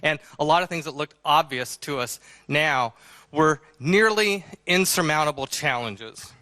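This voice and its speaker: A middle-aged man giving a convention talk, telling a story in an animated way and acting out the quotes with laughter. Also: on the high side, measured pace, no room sound. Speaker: convention speaker. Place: auditorium stage.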